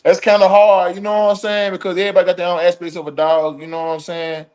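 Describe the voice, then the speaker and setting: Young Southern male athlete, easygoing interview guest, voice sits a bit high. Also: quick pace, clear, resonant tone. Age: young adult. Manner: relaxed, says "you know what I'm saying" constantly. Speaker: college football linebacker guest. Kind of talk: casual interview.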